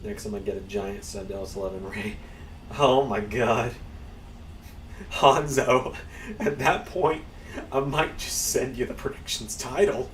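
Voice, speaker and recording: A man's voice: medium pitch, measured pace, long pauses, recorded from a distance. A man hosting a stream, chatting in a rambling, casual way while he plays. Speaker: streamer and channel host. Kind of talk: casual gameplay commentary. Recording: roomy, off-mic, faint background hum.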